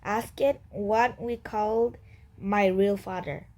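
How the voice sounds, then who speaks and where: A stubborn old grandmother who won't believe what she is hearing, read by a woman. Her lines come slowly, in a children's storybook reading. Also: medium pitch, steady tone, a little mellow, close to an everyday voice. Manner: reading a grandmother's dialogue aloud in a slightly raised voice. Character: elderly grandmother, stubborn and disbelieving. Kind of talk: children's book read aloud.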